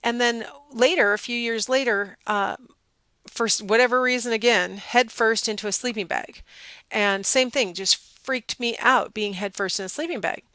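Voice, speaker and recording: A middle-aged woman giving a casual psychology lecture, telling a personal story with lively, animated quoting. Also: fairly high pitch, moderate pace, no echo.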